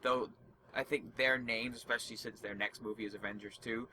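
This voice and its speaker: Male podcast co-host, bright tone, opinionated casual chat, faint background noise. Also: medium pitch, steady tone, a little fast. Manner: opinionated, explains at length with many restarts.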